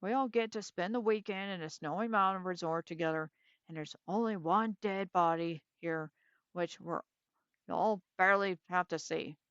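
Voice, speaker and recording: Brash male deputy, as a woman reads him. Smooth voice, dull dry read-aloud audio. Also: on the low side, normal speed, a bit bright, no room sound, close to an everyday voice. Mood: blustering. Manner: brash, dismissive. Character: gruff, blustering male small-town deputy.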